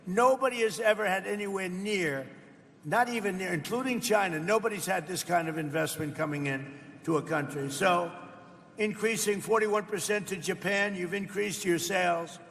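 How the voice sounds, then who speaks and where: A man's voice: high voice, normal speed, creaky, fairly bright tone, in a large hall. Rambling, boastful older American man. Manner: rambling, boastful, repeats phrases. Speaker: politician speaking at a roundtable. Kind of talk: off-the-cuff speech. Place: indoor event hall.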